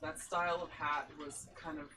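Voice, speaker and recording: On a laid-back podcast, a female guest with a low pitch tells her story enthusiastically and breaks into frequent laughter. Her tone stays level and her speed normal, though distance from the microphone lets clear background noise run under her voice.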